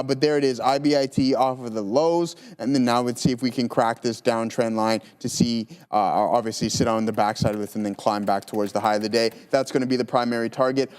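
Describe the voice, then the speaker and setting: A steady, mid-pitched man talks through his live trades in a calm, explanatory way. He lays out entries, stops and targets plainly as the market moves. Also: smooth. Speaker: trader co-host. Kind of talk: live trading commentary.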